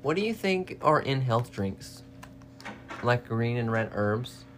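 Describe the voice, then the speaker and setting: A woman co-hosting a casual let's-play, chatting and loudly coaching the player through fights. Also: very deep voice, animated, slow pace. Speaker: co-host watching a game being played.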